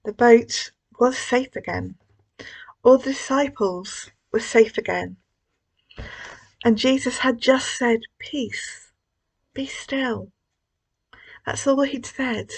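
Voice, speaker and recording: A woman leading a school collective worship, telling a story to children in a gentle, expressive way with hushed moments. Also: on the high side, takes it slowly, creaky, slightly rough, low-quality recording. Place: church.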